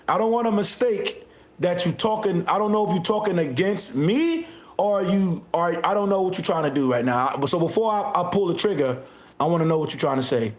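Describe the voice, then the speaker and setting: A high-pitched man hosts a live stream and rants at his chat. He is loud and confrontational and repeats himself again and again. His voice rings in an echoey room. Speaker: livestream host.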